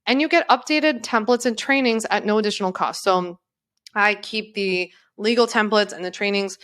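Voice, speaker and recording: A woman in her thirties, an attorney and coach, giving an upbeat and encouraging sales pitch in a webinar. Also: normal speed, a bit bright.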